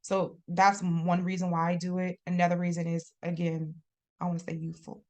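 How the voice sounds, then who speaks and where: A young adult woman talks as a guest on a podcast in a relaxed, conversational way. Her voice sits a little low, and she is expressive and laughs easily. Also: a little fast. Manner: chatty and expressive, laughs often. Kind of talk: casual interview chat.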